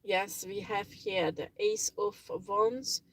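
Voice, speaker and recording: Gravelly-voiced woman reading tarot cards. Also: mid-range voice, huge pitch swings, slow pace, a little hiss or hum, poor audio. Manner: chatty, blunt, swears freely, many fillers. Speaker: tarot reader.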